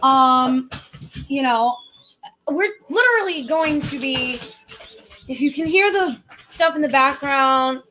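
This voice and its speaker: High-voiced chatty woman podcast host. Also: lively intonation, takes it slowly, pushed and bright, slight background noise. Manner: chatty, laughs often, playful. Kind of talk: casual chat.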